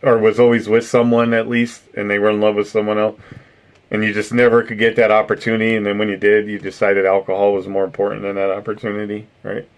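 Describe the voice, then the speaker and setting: Brief: middle-aged male streamer, low-set voice, loose rambling chat with laughs and casual swearing. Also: completely flat delivery, quick pace. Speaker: streamer host reading chat.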